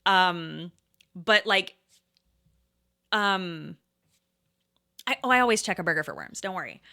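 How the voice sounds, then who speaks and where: Bright, clear-voiced woman telling a rambling story. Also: medium pitch, lively intonation, measured pace. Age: 30s. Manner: hesitant, rambling, laughing often, quotes herself and others. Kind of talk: casual storytelling chat.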